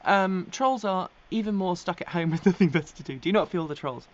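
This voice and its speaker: A woman's voice: lowish voice, brisk, highs cut off. Chatty Englishwoman hosting a live stream. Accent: English, with occasional American slips. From England. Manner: chatty, rambling, laughs often, many ums. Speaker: host of an electric vehicle news live stream. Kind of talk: casual live-stream chat, reading viewer comments.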